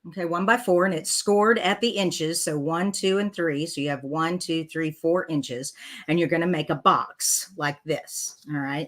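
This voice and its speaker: In a live crafting tutorial, a woman with a lowish, fairly bright voice makes cards while chatting away. She laughs at herself and narrates her mistakes good-naturedly.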